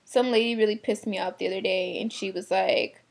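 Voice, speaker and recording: Fed-up gravelly-voiced young woman ranting. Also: medium pitch, steady tone, a little fast. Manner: exasperated, blunt, swears casually, fillers like "like". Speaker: shoe department retail worker. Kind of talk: venting to camera.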